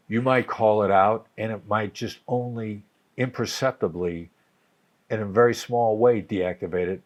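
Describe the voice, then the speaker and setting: A man in his sixties, a negotiation coach, explaining in a measured way and often restarting phrases. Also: lowish voice, highs cut off. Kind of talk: conversational explaining.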